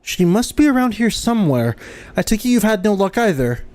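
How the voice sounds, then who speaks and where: Streamer voicing an earnest noble scholar, old-fashioned wording, mellow tone. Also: male voice, sits high, sing-song, a little fast, no echo, voice pushed up. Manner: reading dialogue aloud in a formal, old-fashioned tone. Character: earnest young male noble scholar, formal.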